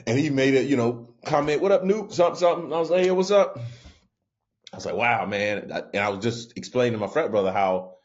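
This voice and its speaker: A man who is a comedian and host, telling road stories in a casual monologue, jumping into higher voices when quoting people. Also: quick pace, hardly any pauses, muffled recording. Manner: animated, jumps into high voices for quoted people, frequent restarts.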